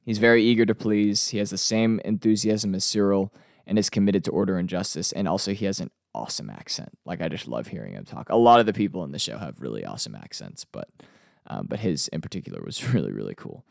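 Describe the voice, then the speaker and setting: A man talks through a TV episode review in a loose, chatty way, with plenty of ums and uhs. His voice sits low and carries a gravelly fry. The sound is dry and close. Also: animated, fast, darkish tone, no room sound. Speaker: TV review host.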